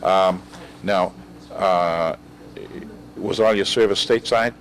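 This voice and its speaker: A man's voice: sits low, takes it slowly. A male interviewer asking a veteran short, prompting questions in an oral history interview. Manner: brief prompting, encouraging questions.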